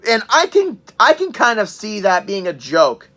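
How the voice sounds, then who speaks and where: Bright-voiced young woman reviewing games. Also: medium pitch, huge pitch swings, slow. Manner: chatty, enthusiastic, joking asides; clears throat often. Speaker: game reviewer. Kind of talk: casual spoken review.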